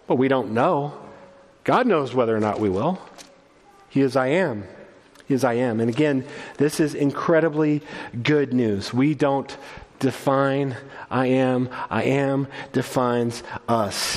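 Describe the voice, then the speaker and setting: A man's voice: high-pitched, big-room sound. A male pastor preaching a sermon, earnest and conversational, often restarting his phrases. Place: church sanctuary.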